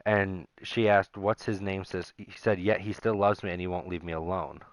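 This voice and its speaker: A young man talks straight to his audience, airing grievances in a rambling, aggrieved way. His voice sits low, and the sound is dry and close with no room around it. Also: steady tone, moderate pace, no room sound. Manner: aggrieved, rambling, reads out messages. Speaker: gaming YouTuber. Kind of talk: casual vent to camera.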